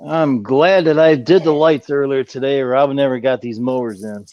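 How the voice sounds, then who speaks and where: A man from Ohio in casual chat on a live stream, gruff and swearing casually. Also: medium pitch, moderate pace, a little mellow. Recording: dull lo-fi audio.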